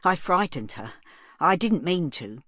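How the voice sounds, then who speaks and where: A woman's voice: lowish voice, very animated, unhurried, fairly bright tone, no room sound, clean studio sound, exaggerated voice. A woman voicing an earnest, ashamed young man who speaks hesitantly.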